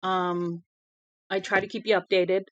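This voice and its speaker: A woman's voice: fairly low pitch, level tone, a little slow, fairly bright tone, lo-fi sound. A woman hosting a read-aloud livestream, tired and yawning, chatting to viewers in a rambling, friendly way with many filler ums. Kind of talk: casual livestream chat after book reading.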